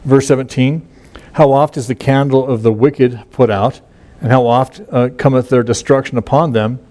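Man teaching scripture in relaxed, halting talk. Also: mid-range voice. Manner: conversational, many fillers and restarts, reads scripture aloud. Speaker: pastor. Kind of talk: informal Bible teaching.

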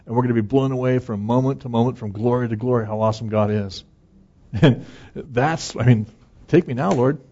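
A man's voice: medium pitch, fairly even intonation, brisk, warm tone, muffled recording. A man preaching an earnest, conversational sermon as pastor, chuckling now and then.

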